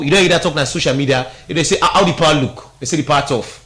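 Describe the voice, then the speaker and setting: A man's voice: on the high side, expressive, racing, fairly bright tone. A man with a Sierra Leonean Krio-inflected accent, giving political analysis on a radio talk show, emphatic and mixing Krio with English.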